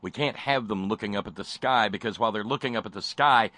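A man's voice: on the low side, fast, bright, forceful tone. A man hosting a talk show, delivering sarcastic, impassioned commentary with frequent stammered restarts.

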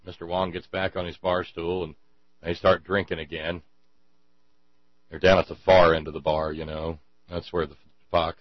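A man's voice: low voice, no room sound. A man hosting a political commentary monologue, sarcastic and given to stammering restarts, on a dull lo-fi mic with mains hum. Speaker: show host.

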